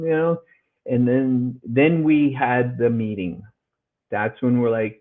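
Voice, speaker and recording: A man's voice: medium pitch, normal speed. A middle-aged man, a podcast guest, earnestly retelling a hard story and acting out what people said. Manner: earnest, retells dialogue in raised voices. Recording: phone-like audio line.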